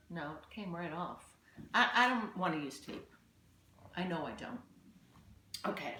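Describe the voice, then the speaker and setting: Woman art teacher, encouraging and chatty, unhurried; home recording in an echoey room. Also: medium pitch, a bit bright, slight background noise. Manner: encouraging, chatty, thinks aloud while demonstrating. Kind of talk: children's art lesson.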